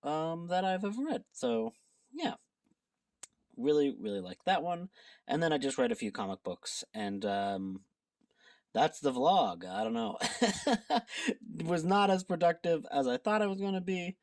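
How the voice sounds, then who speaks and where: A woman's voice: low voice, animated, measured pace, a little mellow, recorded from a distance. A woman chatting casually in a home vlog, rambling and poking fun at herself. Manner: chatty, self-deprecating, rambling. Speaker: book vlogger. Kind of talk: casual chat.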